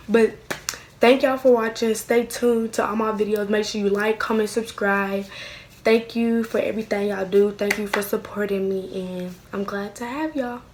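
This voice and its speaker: A woman's voice: medium pitch, a little mellow, slight background noise. A woman talking in a rambling, heartfelt personal vlog at home at night, often near tears. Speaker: vlogger.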